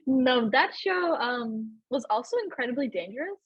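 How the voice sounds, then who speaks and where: Podcast host, young woman, breathy and slightly high, dry muffled recording. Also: sing-song, measured pace, no room sound. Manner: chatty, lots of fillers and laughs. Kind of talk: casual chat.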